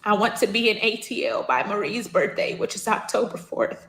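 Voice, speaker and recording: A woman's voice: medium pitch, expressive, normal speed, a bit bright. A woman reading entries from her old diary aloud, breaking off for chatty asides to her listeners. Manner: chatty, addresses listeners as y'all. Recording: echoey room.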